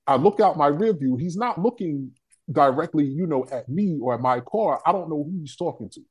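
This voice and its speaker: A young adult man telling a story on a discussion panel, profane, animated and emphatic. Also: on the high side, husky.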